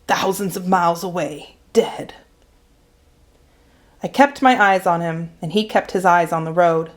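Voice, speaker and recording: A woman teacher reading a children's novel aloud in a calm, measured narration. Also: on the low side. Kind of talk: storybook read-aloud.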